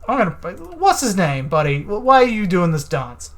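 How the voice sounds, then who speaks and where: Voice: medium pitch, very animated, moderate pace, natural voice. A let's-play narrator voicing a brash male detective who questions bluntly and impatiently.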